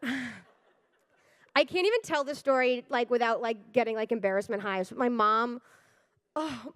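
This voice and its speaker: A woman doing a stand-up comedy set on stage, animated and swearing, often breaking into loud acted-out voices. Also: on the high side, no room sound. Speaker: stand-up comic. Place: stage before a live audience.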